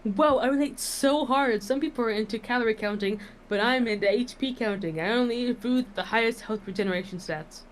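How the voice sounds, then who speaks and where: A woman's voice: on the high side, fairly quick, few pauses, slight background noise, natural voice. A woman voicing a boastful young female monster warrior in a dating game, bubbly and full of slang. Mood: excited.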